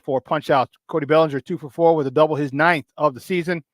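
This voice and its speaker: Energetic and slangy, a man hosts morning sports talk in a quick rush, his voice a bit high for a male. Picked up dry and close with no echo, he welcomes chat viewers by name and laughs easily as he goes.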